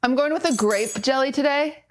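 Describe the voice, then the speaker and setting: A woman's voice: high-pitched, moderate pace, background noise. A woman streaming from home, chatting casually and pointing self-deprecating jokes at her chat while she moves around her kitchen.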